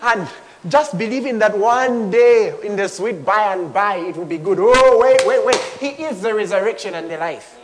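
A man preaching a sermon with passion, moving from hushed tones to shouting and at times speaking in tongues. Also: high-pitched, normal speed, long reverb tail, background noise. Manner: impassioned, swings between hushed and shouting.

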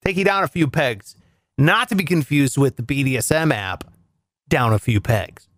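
A man's voice: mid-range voice, normal speed, dry recording, clean studio sound. A man performing a sarcastic comic monologue at home, delivering punchy jokes. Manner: sarcastic, punchy joke delivery, lively voice swings. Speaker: comedian host. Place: home, recording alone.

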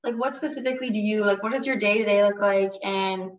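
A woman's voice: medium pitch, quick pace, echoey room, distant mic, dull audio. A woman hosting a faith-centered podcast, upbeat and chatty, who is losing her voice. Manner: upbeat, chatty, many fillers. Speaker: podcast host. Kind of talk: casual podcast interview.

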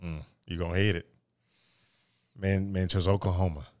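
A man chatting casually as a podcast co-host in a relaxed, offhand way, swearing now and then. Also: deep voice, normal speed, no room sound, studio quality. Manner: laid-back, swears casually, lists places he has been. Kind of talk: casual chat.

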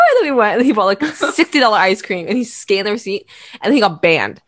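A woman's voice: mid-range voice, lively intonation, fast, noisy background. A young woman co-hosting a podcast, telling a sibling story in casual chat, giggling and using many fillers. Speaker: podcast co-host.

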